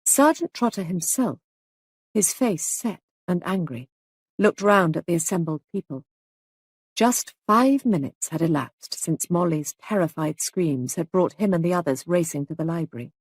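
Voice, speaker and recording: A woman narrating a mystery story as an audiobook reading, in a measured, even manner. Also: fairly low pitch, breathy edge, dry recording, clean studio sound.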